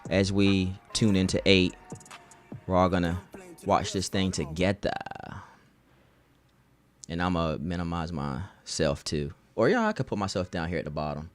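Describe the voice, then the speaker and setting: A man's voice: low voice, a little slow, soft background music. A young man streaming live, chatting casually with his chat in a laid-back, slangy way.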